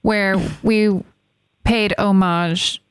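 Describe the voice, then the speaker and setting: A woman co-hosting a casual podcast among friends, giggly and quick to apologize. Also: steady tone, smooth, no room sound. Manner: giggly, apologetic, slips into a squeaky baby voice. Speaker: podcast co-host.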